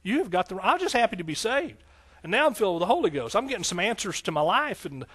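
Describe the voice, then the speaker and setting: Emotional middle-aged pastor preaching testimony. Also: male voice, high voice, big pitch swings, fast, slightly rough. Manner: emotional, tearful at times, swings between hushed and loud exclamations. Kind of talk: sermon testimony.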